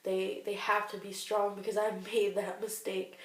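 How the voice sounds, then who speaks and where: Earnest young woman with a gravelly voice. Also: medium pitch, little pitch movement, normal speed. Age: 20s. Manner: earnest, heartfelt, faith-filled. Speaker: vlogger sharing a cancer diary. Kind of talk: personal video diary. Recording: echoey room, distant mic.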